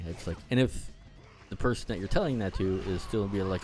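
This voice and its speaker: A man's voice: sits low, brisk, music in the background. A man giving casual gameplay commentary, rambling with lots of fillers and restarts and swearing freely as he rants. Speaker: gaming channel host.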